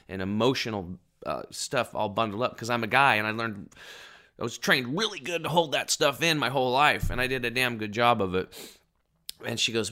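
Bright, clear-voiced man telling a story. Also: fairly low pitch, brisk. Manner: emotional, rambling, acts out quoted voices. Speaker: guest telling a personal story. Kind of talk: casual storytelling.

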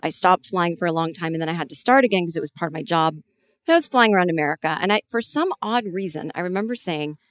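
Animated woman podcast host, dry sound. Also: fairly low pitch, fast, dry recording. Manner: rambling, animated storytelling with frequent restarts. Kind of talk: conversational interview.

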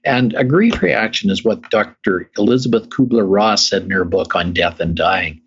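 A man's voice: fairly low pitch, normal speed, a bit bright, a little hiss or hum. A middle-aged man, a guest on an interview show, telling his story emphatically and repeating phrases for effect. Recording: dull lo-fi recording.

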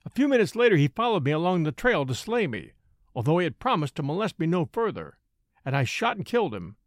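A man's voice: on the high side, very animated, quick pace, dry recording, clean studio sound. A man doing a terrified pleading thief. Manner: pleading, desperate. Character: frightened male Belgian thief, adult.

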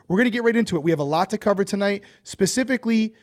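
A man hosting a relaxed podcast with an easygoing, chatty manner. His voice sits a little higher than most men's. He laughs often and leans on fillers as he talks. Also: rapid-fire. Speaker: podcast host. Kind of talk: casual podcast chat.

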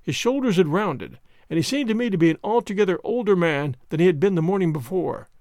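A man narrating an audiobook in an expressive, storytelling way. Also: high-pitched, fast, no room sound, clean studio sound.

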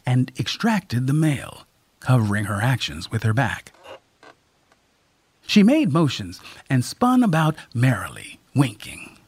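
A storyteller reading a tale aloud with a slow, unhurried pace and a very husky voice. The pitch moves lively through the sentences. The sound is dry and close, with faint music underneath. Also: no echo. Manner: unhurried, expressive read-aloud delivery. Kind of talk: storybook narration.

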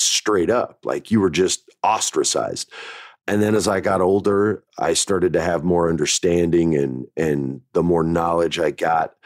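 Deep-voiced man in his forties. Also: no echo, clean studio sound. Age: 40s. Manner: candid and reflective, looping back to restart thoughts. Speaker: podcast host. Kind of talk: casual storytelling monologue.

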